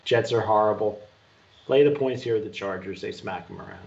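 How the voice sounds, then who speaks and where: A man's voice: fairly low pitch, a little fast, gravelly, a little mellow, highs cut off. A man giving a blunt, decisive sports pick in a casual chat. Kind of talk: casual betting picks chat.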